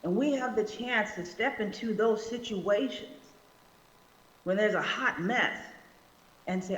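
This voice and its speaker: Woman guest preacher, mid-pitched, animated delivery, echoey church hall. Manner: animated, slows for emphasis, acts out quotes. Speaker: guest speaker. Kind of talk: sermon. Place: church sanctuary. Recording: echoey hall, slightly dull sound.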